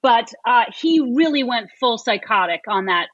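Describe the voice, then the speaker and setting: A woman guest on a podcast, giving animated opinions in casual chat. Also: on the high side, moderate pace, no echo. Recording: dull lo-fi sound.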